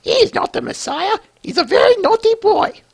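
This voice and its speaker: Sex of performer: man. Figure: a man doing a shrill scolding mother. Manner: comic, shrieking falsetto. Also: lively intonation, moderate pace, vocal fry, full character voice. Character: shrill scolding mother, comedy-sketch style.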